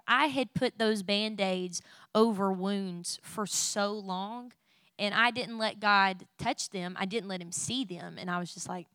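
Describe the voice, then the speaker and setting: Young woman telling her faith testimony, emotional and candid, says "like" a lot, bright smooth voice. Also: mid-range voice, a little slow, no echo. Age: young adult. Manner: emotional, candid, frequent "like" fillers. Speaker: Christian speaker sharing a testimony.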